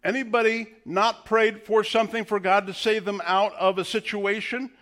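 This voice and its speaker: A man preaching a sermon, acting out scripture quotes in hushed whispers and raised calls. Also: high voice, little pitch movement, moderate pace. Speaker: pastor.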